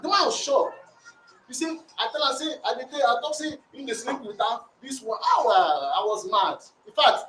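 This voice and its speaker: A man with a Nigerian accent recounting a domestic dispute as a complainant, in a rambling, repetitive, animated way. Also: very high-pitched, a little hiss or hum. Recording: roomy sound from a distant mic.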